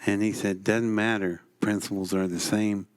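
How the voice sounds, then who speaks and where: A man's voice: lowish voice, level tone, moderate pace. A man telling wry, folksy stories on stage at an expo. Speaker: expo speaker. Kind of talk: storytelling on stage.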